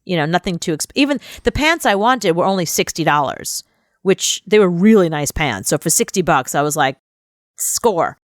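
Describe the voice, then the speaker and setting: A woman's voice: on the low side, fairly quick, no room sound, studio quality. Chatty woman telling a rambling story. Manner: animated, rambling anecdote with quoted voices. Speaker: radio co-host. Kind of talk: casual storytelling chat.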